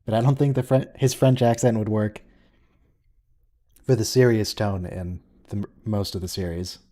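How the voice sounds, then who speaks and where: Mellow man musing over an episode. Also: lowish voice, steady tone, normal speed. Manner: musing, conversational, thinks aloud with restarts. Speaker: watch-along host. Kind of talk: casual live commentary.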